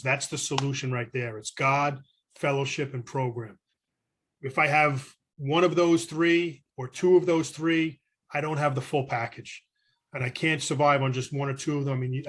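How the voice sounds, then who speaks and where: A man with a Brooklyn accent speaks earnestly at a recovery meeting, sharing his story at a middling pitch. He rambles a little and restarts his sentences as he goes, talking into a video call from a hotel room. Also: fairly bright tone. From New York City. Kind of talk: personal share at a recovery meeting.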